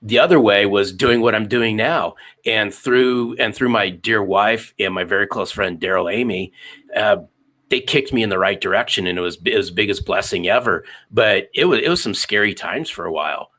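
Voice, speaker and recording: A sales author in his fifties speaks as an interview guest. His voice sits low yet sounds bright and forceful. He drives his points with emphatic repetition. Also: normal speed. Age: 50s. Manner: emphatic, repeats phrases for effect. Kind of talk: storytelling interview answers.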